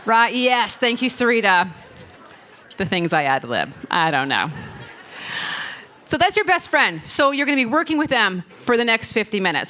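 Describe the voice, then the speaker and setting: A woman's voice: medium pitch, sharp tone. A woman giving a conference keynote on stage, telling stories playfully, laughing often and talking directly to the audience. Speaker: keynote speaker. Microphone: stage microphone.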